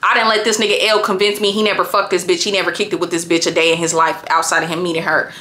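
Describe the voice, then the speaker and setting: A young woman telling a story to her viewers in a blunt, animated rant full of swearing. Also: on the low side, quick pace. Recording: echoey room.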